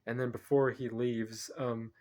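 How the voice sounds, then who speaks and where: A man's voice: mid-range voice, little pitch movement, measured pace, dark tone. A man reviewing a film, retelling its plot casually in a rambling way and often correcting himself. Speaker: movie reviewer.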